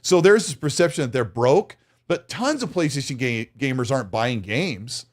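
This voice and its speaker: A man co-hosting a gaming podcast in casual chat, lively, with stammering restarts and quick laughs. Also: medium pitch. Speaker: podcast co-host.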